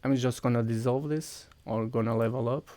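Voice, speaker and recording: A man's voice: medium pitch, steady tone, normal speed, mellow, no echo. A man with a Portuguese accent streaming a game, walking viewers through each step while he clicks and thinks aloud. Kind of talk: casual live-stream chat.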